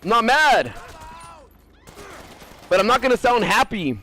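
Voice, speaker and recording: A man talking casually to his live-stream chat while gaming, animated and ranting, swearing freely. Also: high voice, unhurried, rough recording.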